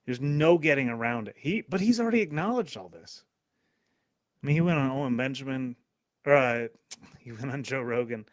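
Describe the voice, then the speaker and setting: A man's voice: mid-range voice, lively intonation, normal speed, dry recording. A man hosting a live stream, rambling in profane, casual commentary and talking to his chat. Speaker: streamer host.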